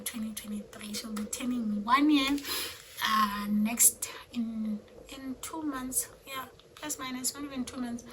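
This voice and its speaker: A young woman chatting casually to her viewers as a vlogger, often dropping to a hushed near-whisper and repeating herself as she talks. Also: fairly high pitch, background noise. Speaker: vlogger and mother of three. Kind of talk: casual chat to camera.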